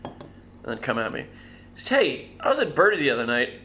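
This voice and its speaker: A man's voice: mid-range voice, big pitch swings, normal speed, pushed and bright, a little hiss or hum. A man reviewing beer in a casual vlog, wry and blunt, swearing offhandedly.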